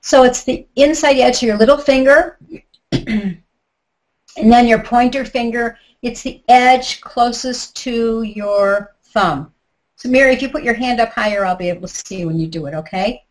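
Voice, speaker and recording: A woman's voice: a little high, unhurried, low-quality recording. Chatty woman guiding a tapping session. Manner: chatty, guiding step by step with asides. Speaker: tapping instructor. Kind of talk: live online workshop instruction.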